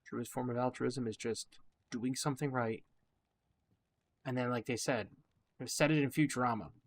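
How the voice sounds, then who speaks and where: A man's voice: medium pitch, steady tone, normal speed, slight background noise. A man hosting a gameplay video, musing at length in a reflective, opinionated, rambling way. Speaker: gaming channel host. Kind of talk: casual gameplay commentary with musings.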